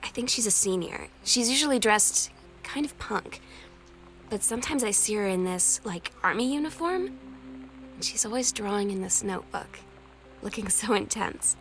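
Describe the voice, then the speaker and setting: A shy teenage girl speaks softly and hesitantly about someone she admires. The voice-over is clean game audio with faint music underneath. Her tone is wistful and a little nervous. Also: medium pitch, lively intonation, moderate pace.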